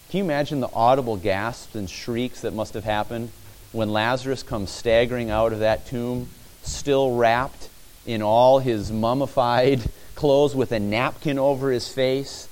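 A man's voice: mid-range voice, moderate pace, a little mellow. A male preacher delivering a sermon in a mid-range voice, painting the scene vividly and pulling listeners into the story. He leans on repetition for emphasis and keeps urging the congregation to put themselves there. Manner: repeats phrases for emphasis.

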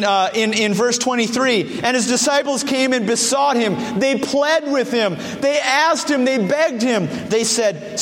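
A man preaching a sermon, animated, acting out the voices of people he quotes. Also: high-pitched. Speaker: pastor. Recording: church hall reverb.

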